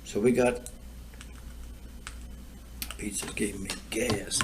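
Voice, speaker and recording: A man's voice: lowish voice, fairly even intonation, slow, background noise. An older man from Florida telling rambling stories in a casual chat, repeating himself and laughing at his own tales. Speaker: storyteller guest. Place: outdoors.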